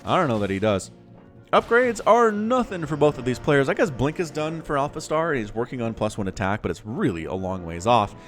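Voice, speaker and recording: A man giving lively solo play-by-play commentary on a strategy game match, quick and playful, with laughs and sound effects. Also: medium pitch, soft background music. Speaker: game caster.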